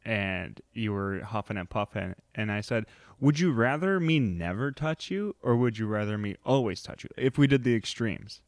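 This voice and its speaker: A man's voice: on the low side, expressive, normal speed, dry recording. A man co-hosting a podcast, chatting casually and playfully with his wife, rambling and laughing often. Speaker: podcast co-host. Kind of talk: casual chat.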